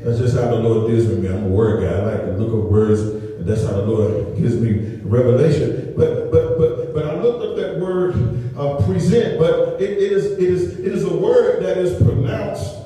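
A woman preacher delivering a sermon with call and response, emphatic and repetitive, often climbing into shouts. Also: a bass voice, moderate pace, far from the mic. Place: church sanctuary. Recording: echoey hall, voice from afar. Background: congregation calling out.

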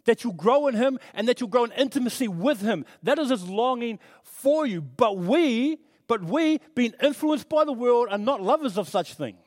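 Middle aged guy preaching, high voice, dry sound, earnest chatty sermon with lots of restarts. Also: expressive, normal speed, few pauses, no echo. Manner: earnest, storytelling, frequent restarts. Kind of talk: conversational sermon.

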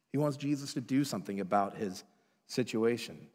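A man's voice: medium pitch, lively intonation, normal speed, darkish tone, slightly rough. A man preaching a sermon as pastor, casual and conversational, telling stories and acting out the people in them. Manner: casual, conversational, acts out quoted voices. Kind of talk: sermon with storytelling. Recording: long hall reverb.

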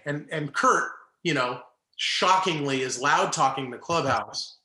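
Bright-voiced middle-aged man telling a story. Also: on the high side, moderate pace, roomy sound. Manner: animated, acts out quoted people. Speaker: former baseball player, guest. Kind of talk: casual storytelling.

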